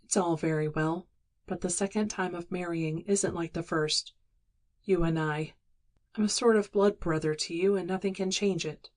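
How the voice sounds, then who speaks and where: A woman's voice: on the low side, steady tone, moderate pace, darkish tone, close to an everyday voice. A woman reading the lines of a remorseful man in an audiobook, earnest and pleading.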